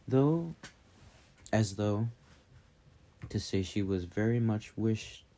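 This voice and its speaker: A man narrating a fantasy novel as an audiobook, reading calmly and steadily. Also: fairly low pitch.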